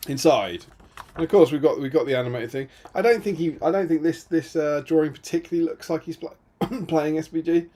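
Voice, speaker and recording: A man's voice: a little high, brisk, mellow. A man from Britain co-hosting a tabletop gaming live stream, chatting casually with dry, self-mocking humour.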